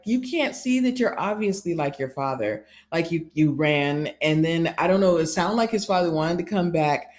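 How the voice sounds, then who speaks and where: Animated woman retelling scenes. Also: on the low side. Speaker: co-host reviewing a reality show. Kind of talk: casual chat.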